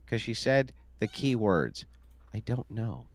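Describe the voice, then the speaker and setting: Man, middle pitch, animated, dry close sound, overbearing and mocking debater. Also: slow, no echo. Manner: mocking, overbearing, repeats points insistently. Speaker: debate guest. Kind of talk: heated online debate.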